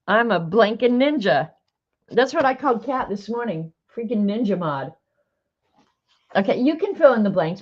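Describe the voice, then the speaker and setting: A woman's voice: medium pitch, muffled recording. A woman hosting a live stream in casual chat, talking freely and laughing often. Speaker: livestream host.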